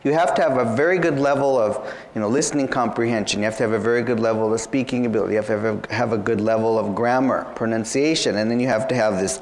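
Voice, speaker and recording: A man's voice: mid-range voice, fast, hardly any pauses. Patient male tutor in a reverberant hall. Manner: patient, repeats points, many "you know" fillers. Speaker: English interview tutor. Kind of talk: explaining exam tips to students.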